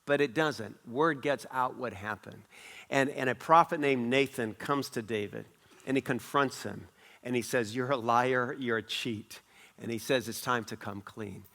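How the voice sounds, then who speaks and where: Male pastor with a mid-range voice, preaching animatedly, rising and falling, driving home repeated phrases. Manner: animated preaching with swings in pitch and volume, repeating phrases for emphasis. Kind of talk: sermon. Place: church.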